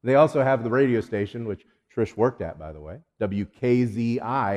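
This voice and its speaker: A man's voice: mid-range voice, normal speed, darkish tone. A middle-aged man preaching a sermon, a folksy storyteller who voices the people in his anecdotes and asks the audience questions. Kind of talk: sermon illustration with audience interaction. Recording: long hall reverb.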